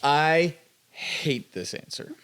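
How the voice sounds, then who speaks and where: A man's voice: on the high side, animated, slow pace, a bit bright, smooth. Podcast cohost guy, blunt, argues everything, curses, casual chat. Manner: argumentative, blunt, swears. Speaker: podcast co-host.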